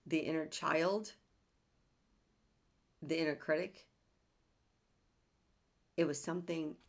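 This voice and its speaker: A woman hosting a self-help podcast in a bright, sharp-edged voice. She talks earnestly and with emphasis, and she keeps checking in with rhetorical questions. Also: deep voice. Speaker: podcast host.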